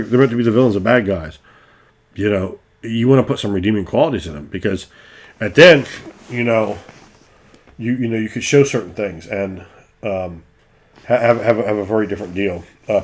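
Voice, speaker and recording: A middle-aged man and game master talking casually in a rambling way, restarting often and swearing freely. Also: medium pitch. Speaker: game master and video host.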